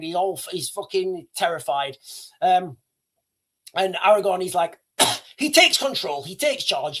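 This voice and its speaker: A man hosting a casual livestream, talking in a rambling way with many restarts and fillers. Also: sits high. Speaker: livestream host.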